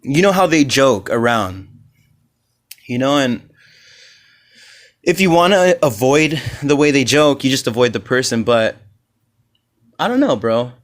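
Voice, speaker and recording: Animated but measured in pace, this medium-pitched man leaves long pauses. It's casual solo podcast chat: he hosts his own comedy show, telling loose, profane, rambling stories and voicing the people he quotes.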